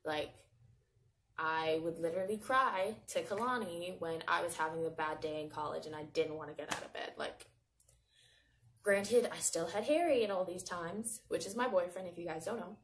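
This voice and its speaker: A woman's voice: fairly low pitch, normal speed, slight background noise. A woman in her twenties talking straight to her viewers in a personal vlog, heartfelt and rambling, leaning on fillers, close to tears with her voice catching. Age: 20s. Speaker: vlogger.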